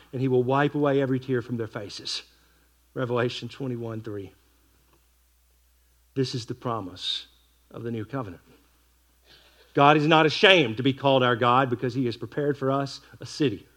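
A man with a medium-pitched voice preaches an expository sermon. He reads scripture slowly and weightily, breaking off for wry asides to the congregation.

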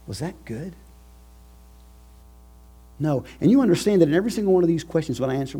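A man preaching a sermon, emphatic and repetitive, swinging between loud declarations and hushed phrases, with a husky voice. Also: a little high, animated, fast talker, pauses often, faint music behind.

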